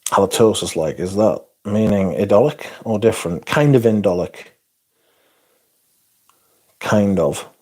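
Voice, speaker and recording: Fairly low in pitch and dark in tone, this man speaks a little slowly and pauses often. He's hosting a laid-back livestream reviewing fragrances, rambling with jokey, crude, profane humor, reading viewer comments, and frequently starting his sentences over.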